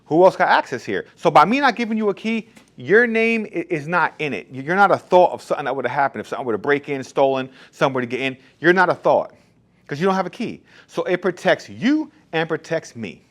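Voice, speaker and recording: A man's voice: fairly high pitch, lively intonation, fast, fairly bright tone. A man who owns a barbershop, talking bluntly and emphatically in a casual monologue about his shop rules. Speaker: barbershop owner. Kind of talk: casual straight-talk monologue.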